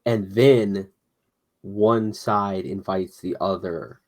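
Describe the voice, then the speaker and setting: Lower-voiced man explaining calmly. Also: very slow. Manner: explanatory, matter-of-fact. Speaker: podcast co-host. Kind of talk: casual political chat.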